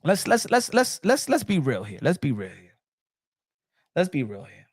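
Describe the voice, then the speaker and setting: A man giving an opinionated casual boxing monologue, repeating phrases and getting louder as he gets worked up. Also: fairly high pitch, normal speed, husky, dry recording, clean studio sound. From New York. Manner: animated, repeats phrases, rising to shouts when worked up. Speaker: boxing commentator.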